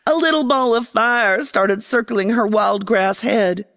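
A woman narrating a first-person fantasy story in an expressive, dramatic way. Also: on the high side, a little slow, long reverb tail. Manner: expressive, dramatic, voicing a young girl.

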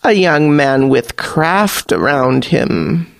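A man's voice: on the high side, very animated, vocal fry, no echo, exaggerated voice. A man voicing a menacing old hag queen. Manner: slow, menacing, piercing.

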